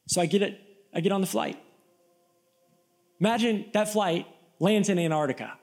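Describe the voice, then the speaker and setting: A male pastor from Florida preaching an energetic, emphatic sermon to a live church audience, with storytelling asides. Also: high voice, normal speed, gravelly, pauses often. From Florida, USA.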